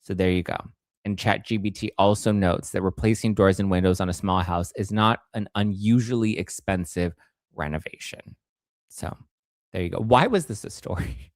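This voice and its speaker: A male host giving sarcastic, animated commentary on celebrity news, at times jumping into high squeals. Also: normal speed, dry recording, studio quality. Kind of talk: casual commentary.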